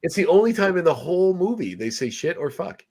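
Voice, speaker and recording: A man's voice: high voice, sing-song, a little fast, over a noisy crowd. A man hosting a podcast, casually recapping a film with many fillers and restarts. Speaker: podcast host. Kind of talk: casual movie review chat.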